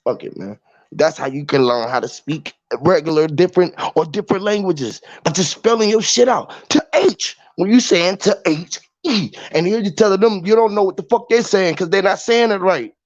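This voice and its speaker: A man's voice: high voice, brisk, no room sound. A man hosting a show, delivering a rambling monologue full of profane wordplay, spelling words out letter by letter. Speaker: podcast host. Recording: dull lo-fi, dry.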